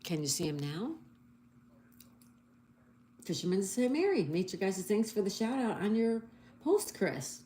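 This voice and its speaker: A woman's voice: medium pitch, very animated, measured pace, long pauses, dark tone. Woman hosting a chatty livestream. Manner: reads viewer comments aloud, cheerful greetings. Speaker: livestream host. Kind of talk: casual live chat reading comments. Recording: echoey room, faint background noise.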